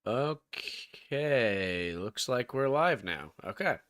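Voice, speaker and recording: Brief: bright-voiced male co-host, relaxed podcast banter, dry close mic. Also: medium pitch, extremely slow, clear, resonant tone, no room sound. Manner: laughs often, easygoing, trails off mid-sentence. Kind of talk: casual live-stream podcast chat.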